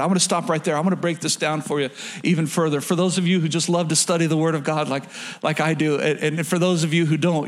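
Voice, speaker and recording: Male pastor, high voice, emphatic sermon delivery, repeats key lines. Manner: emphatic, repeats phrases, addresses congregation directly. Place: church in front of a congregation.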